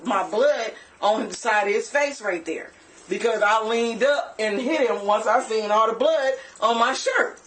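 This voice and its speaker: A woman's voice: mid-range voice, a bit bright, poor audio. A woman in a middle register recounts events to an officer, circling back and repeating herself in long run-on stretches. She is picked up by an officer's body camera in a bedroom at home, with faint hiss underneath. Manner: rambling, run-on retelling with lots of repeats. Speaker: person reporting an assault to police.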